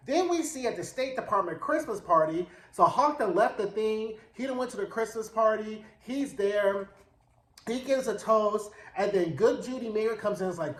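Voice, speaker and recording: A man's voice: high voice, expressive, moderate pace, echoey room. A man giving a casual, sassy TV recap, full of slang and cursing, acting out the characters' lines as he goes. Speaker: TV recap reviewer.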